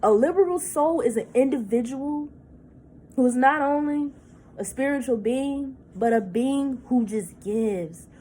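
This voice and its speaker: Her warm voice on the high side, a woman in her thirties delivers an agitated vlog rant full of profanity, repetition, and restarted words while holding back tears. The low-quality recording carries a slight hiss or hum.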